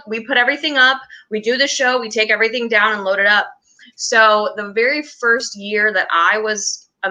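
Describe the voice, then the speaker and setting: This young West Virginian woman has a medium-pitched voice that sounds pushed and bright, though the recording cuts off the highs. Chatting casually in an interview about the theater troupe she tours with, she rambles, starts over a lot, and laughs between stories.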